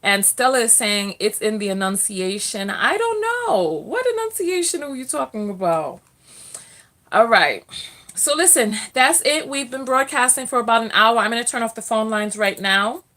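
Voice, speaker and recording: Lively, bright-voiced woman from the Bronx. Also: a little high, normal speed. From the Bronx, New York. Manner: chatty, laughs often, reads viewer comments aloud. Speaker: live stream host. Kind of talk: casual live call-in chat.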